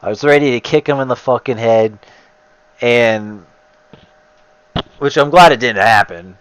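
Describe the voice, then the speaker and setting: A man's voice: medium pitch, measured pace, clean tone, no room sound, rough recording. A man casually telling a long story while gaming, rambling and swearing heavily, and getting heated. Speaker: gamer streamer.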